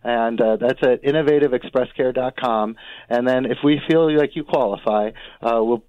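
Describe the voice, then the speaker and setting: A male doctor talks through a muffled, lo-fi line in a dry, close sound. He speaks at a middling pitch and stops often to hesitate with ums. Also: normal speed, no room sound. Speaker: doctor guest. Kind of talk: phone-in interview.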